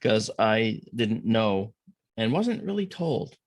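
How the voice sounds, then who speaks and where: A man's voice: on the low side, sing-song, takes it slowly, dry recording, studio quality. A middle-aged man as a podcast guest, telling a story in casual conversation and acting out the voices of the people in it.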